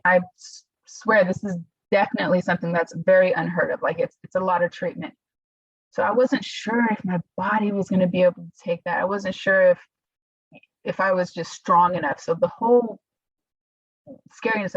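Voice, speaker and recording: A young adult woman, a podcast guest, telling her story in a halting, emotional way and acting out what others said. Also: on the low side, breathy edge, no echo, highs cut off. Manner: emotional, halting, quotes others in lively voices. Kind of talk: casual interview storytelling.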